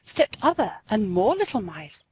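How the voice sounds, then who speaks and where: A woman narrating a classic storybook aloud in an expressive, sing-song way. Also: mid-range voice, a little slow, a little hiss or hum, rough recording.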